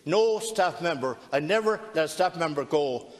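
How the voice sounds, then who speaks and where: A man's voice: a little high, lively intonation, moderate pace, big-room sound. An older man with an Irish accent speaking as a senator in a chamber debate, defensive and stumbling over his words. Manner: defensive, repeats himself and stumbles. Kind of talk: parliamentary debate.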